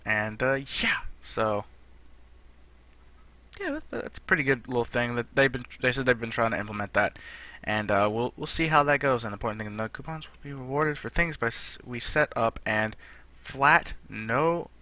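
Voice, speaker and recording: Rambling man with a bright voice. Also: medium pitch, expressive, moderate pace. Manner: rambling, filler-heavy, conversational. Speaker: gaming channel host. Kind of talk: casual patch notes commentary.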